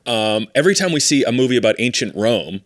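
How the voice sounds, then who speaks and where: A man co-hosting a comedy podcast, riffing playfully. His pitch swings widely as he talks, and the recording is close and dry with no room sound. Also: lively intonation, fast, no room sound. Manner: playful, riffs into high silly voices. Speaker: podcast co-host. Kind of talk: casual comedy chat. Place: apartment podcast setup.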